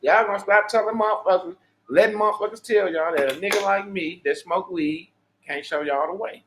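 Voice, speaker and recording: Streamer, male, high-pitched, profane preachy monologue. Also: a little fast, a bit bright, a little hiss or hum. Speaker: livestream host. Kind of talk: unscripted livestream monologue.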